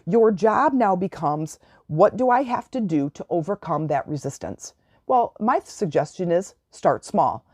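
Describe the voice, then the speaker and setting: A woman hosting a spiritual self-help podcast, telling stories in a chatty way and breaking into excited exclamations as she instructs her listeners. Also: lowish voice, dry recording, clean studio sound. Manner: gives direct instructions to listeners. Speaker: podcast host.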